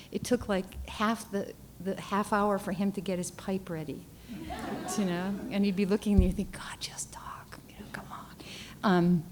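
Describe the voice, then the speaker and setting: A woman painter on a panel, telling a story in a halting, earnest way with many restarts and repeated words. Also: mid-range voice, mellow, a little hiss or hum. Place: lecture hall at a panel event. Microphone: handheld or podium mic, often off it.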